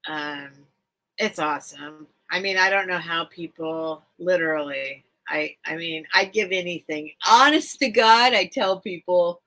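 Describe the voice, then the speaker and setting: A woman's voice: fairly low pitch, unhurried, bright, forceful tone. A woman hosting a live stream, chatting casually and emotionally with viewers, rambling and repeating herself. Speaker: live-stream seller and host.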